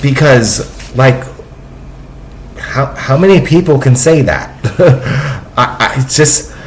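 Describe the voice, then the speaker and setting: A man speaking in a personal, confessional vlog, in a halting way with restarts and trailing asides. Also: medium pitch, animated, a little hiss or hum, low-quality recording. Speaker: vlogger.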